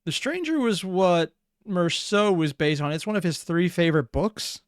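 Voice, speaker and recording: A man hosting a reaction video, chatting casually with rambling, excitable asides. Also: high-pitched, normal speed, clean tone, no room sound, clean studio sound. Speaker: reaction channel host.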